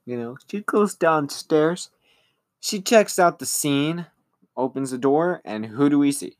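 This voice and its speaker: A man's voice: a little high, measured pace. A young man co-hosting a podcast, casually retelling an episode and acting out characters' lines. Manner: lively retelling, acting out lines in silly voices. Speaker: podcast co-host. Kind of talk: casual recap chat.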